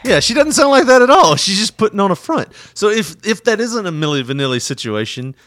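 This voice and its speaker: A man's voice: high voice, big pitch swings, brisk, a bit bright, no echo, studio quality, faint music behind. A man in casual podcast chat who laughs often and talks with lots of fillers. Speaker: podcast co-host.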